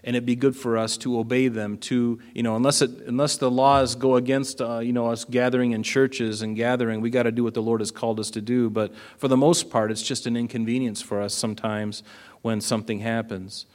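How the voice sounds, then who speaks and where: A man's voice: medium pitch, flat delivery, brisk, a little mellow. A man preaching a sermon in a conversational way, asking his listeners questions and acting out the lines he quotes. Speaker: pastor.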